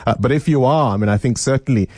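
A man's voice: mid-range voice, quick pace, mellow, no echo, clean studio sound. A man hosting a talk radio show, chatting with his co-host and inviting listener calls.

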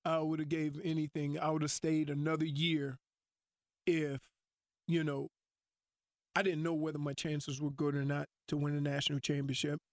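A man's voice: a little high, monotone, no echo, clean studio sound. A man who once played college sports, co-hosting a radio show and speaking earnestly about his choices. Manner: earnest, reflective, quick to exclaim. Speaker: radio co-host, former college athlete. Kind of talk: casual radio banter.

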